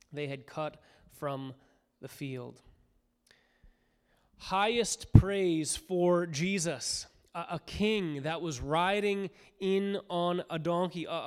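A man preaching a sermon in an earnest manner, climbing to fervent, higher cries when he voices the crowd. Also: smooth. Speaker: pastor. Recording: hall reverb.

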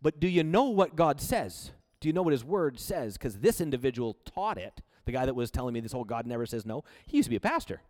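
A man's voice: medium pitch, big pitch swings, quick pace, few pauses, a little mellow. A man from Canada preaching a sermon, telling his own story in an earnest, confessional way. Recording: long hall reverb.

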